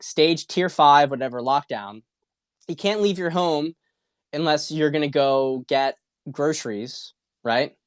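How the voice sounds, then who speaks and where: A man's voice: fairly high pitch, no echo, studio quality. A man hosting a political talk stream, ranting in a rambling, repetitive and profane way with a lot of heat. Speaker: political commentary host. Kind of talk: casual livestream monologue.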